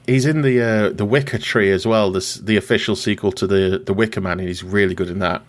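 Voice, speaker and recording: A man's voice: lowish voice, fairly even intonation, fairly quick. Wry man recapping a film. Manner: wry, chatty, laughs at his own jokes. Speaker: podcast host. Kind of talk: casual chat recapping a film from notes.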